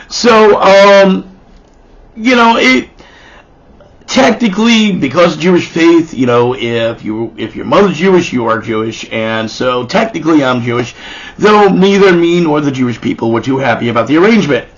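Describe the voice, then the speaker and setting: A man doing stand-up, rambling through self-mocking stories with lots of swearing and stumbling restarts. His voice is husky and sits a touch high for a man. The sound is dull and lo-fi. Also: lively intonation, moderate pace. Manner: profane, rambling, self-deprecating, stammering restarts. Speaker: stand-up comedian. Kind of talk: stand-up storytelling.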